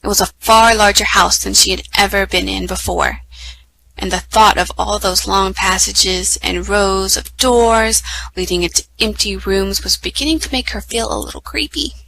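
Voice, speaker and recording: A woman reads a children's book aloud to her listeners with a bright, clear voice. She keeps it lively and now and then stumbles over a name and corrects herself. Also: mid-range voice, moderate pace, slight background noise, low-quality recording. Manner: lively, with small slips and self-corrections. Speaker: storytime reader.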